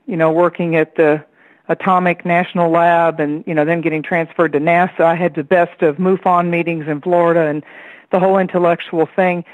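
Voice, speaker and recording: A woman's voice: on the low side, no room sound. A woman from Tennessee, a psychic astrologer guesting on a radio show, telling stories from her childhood and acting out her relatives' voices. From Tennessee, USA. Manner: lively storyteller who acts out the voices of relatives. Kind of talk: personal storytelling on a call-in radio show. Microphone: telephone. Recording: dry, tinny phone line.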